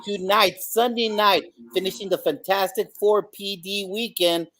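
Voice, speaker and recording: A man co-hosting a live leadership podcast, energetic and exclaiming, swinging between loud bursts and quiet asides. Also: high-pitched, a little slow. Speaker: podcast co-host. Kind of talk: upbeat live-stream opening. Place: home in Texas.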